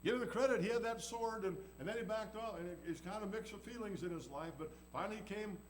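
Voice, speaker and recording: Folksy preacher man with a fairly high voice. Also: fast, low-quality recording. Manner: folksy, acts out voices of people in the story. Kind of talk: sermon. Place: church. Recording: faint background noise and hum.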